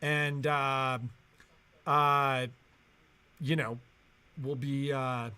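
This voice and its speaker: Man, shop co-host, slow rambling casual talk, full of fillers, bright voice. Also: medium pitch, flat delivery, smooth.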